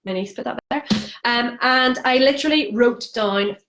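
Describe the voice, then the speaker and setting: A woman's voice: a little high, moderate pace, fairly bright tone, rough recording. A woman talking candidly in a live-streamed vlog, frank and emotional, with many fillers and restarts. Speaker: vlogger sharing a sobriety challenge. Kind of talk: candid Facebook live monologue. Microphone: phone or webcam on a live stream.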